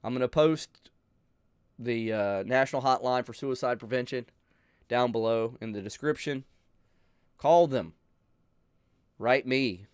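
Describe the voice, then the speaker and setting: A man hosting a channel, talking earnestly and emotionally to his viewers, pleading with them, sighing and pausing as he speaks. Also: mid-range voice, no echo, clean studio sound. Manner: emotional, pleading, with sighs and pauses. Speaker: channel host. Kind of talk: earnest heartfelt talk to viewers.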